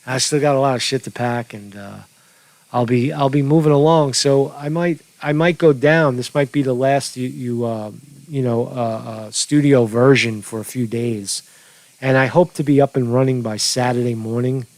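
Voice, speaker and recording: Gravelly man rambling through casual commentary. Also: mid-range voice, steady tone, a little mellow, no echo. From New York. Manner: rambling, halting, frequent restarts and fillers. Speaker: news commentary host. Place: home studio.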